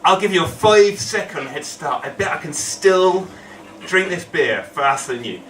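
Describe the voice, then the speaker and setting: Brief: male storyteller as a grinning young Irish lad pushing a pint dare, lively pitch, roomy distant sound. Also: normal speed. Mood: goading. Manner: taunting, repetitive challenges. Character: cheeky young Irish man goading at a pub table. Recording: echoey hall, distant mic, noisy.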